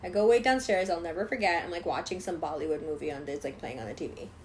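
A woman's voice: on the low side, quick pace, slight background noise. A young adult woman telling a story in casual chat, swearing freely and acting out what others said. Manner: animated, swears freely, acts out quoted voices.

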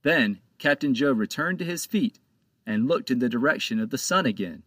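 A man narrating his own children's pirate storybook in a lively, expressive reading, close to the mic. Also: medium pitch, normal speed, no echo. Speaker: author and narrator.

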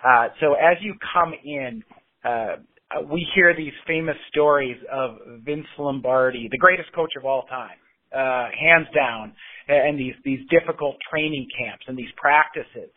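A man's voice: medium pitch, a little slow. A male host asking long, eager questions with many fillers. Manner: enthusiastic, wordy, many fillers. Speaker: podcast host. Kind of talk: interview questions. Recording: tinny phone line.

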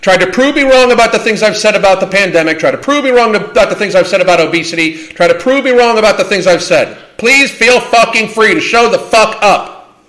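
A man's voice: high-pitched, expressive, brisk, fairly bright tone. A man hosting a livestream Q&A, talking in a blunt, profane and combative way. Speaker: livestream host. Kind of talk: livestream Q&A rant.

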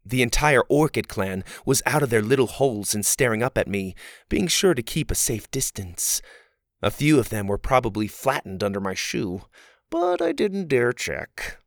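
A man narrating a fantasy story in the first person, dramatic, moving from hushed passages to loud, excited ones. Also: fairly low pitch, normal speed, no echo, studio quality.

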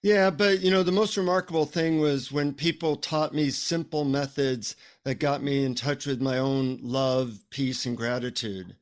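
A man's voice: medium pitch, measured pace, hardly any pauses. Humorous man telling stories. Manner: humorous, animated storyteller. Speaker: psychotherapist and author, guest. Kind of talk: storytelling in a casual interview. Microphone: remote call.

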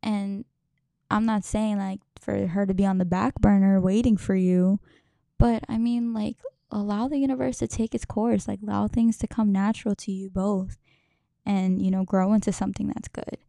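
A woman's voice: medium pitch, steady tone, normal speed, vocal fry, mellow, no room sound, studio quality. A young woman hosting a podcast, talking in a rambling, emotional way, swearing and laughing often. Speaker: podcast host. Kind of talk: casual podcast monologue.

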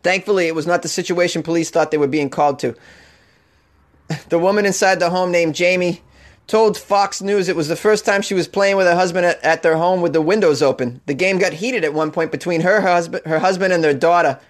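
A podcast host reading a news story in an exaggerated put-on Boston accent, mock-serious. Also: male voice, high voice, fairly quick, voice pushed up, lightly acted.

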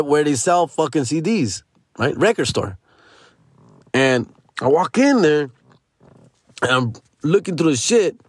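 SoCal comic in his thirties, slangy rambling storyteller, mid-pitched, dry close mic. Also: no room sound. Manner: slangy, rambling, peppered with "dog" and "fool". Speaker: stand-up comedian telling a story. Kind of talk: casual storytelling.

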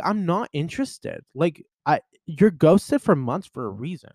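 A twenty-something man hosts a casual solo podcast, rambling and venting with plenty of "like" and "you know" fillers. He sounds very animated and warm, speaking at a measured pace with hardly any pauses, his pitch jumping suddenly as he gets emotional. The recording is clean studio sound with no room noise.

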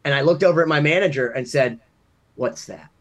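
A man's voice: fairly high pitch, racing, a bit bright. A man from Massachusetts, a podcast co-host, telling rambling, self-deprecating anecdotes in casual chat. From Massachusetts, USA.

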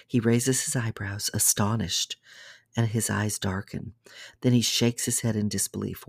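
A podcast storyteller giving a hushed whispered role-play reading of a bedtime story that often drops to a whisper, with small slips along the way. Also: medium pitch, fairly even intonation, a little slow, vocal fry, breathy edge, dry recording, clean studio sound.

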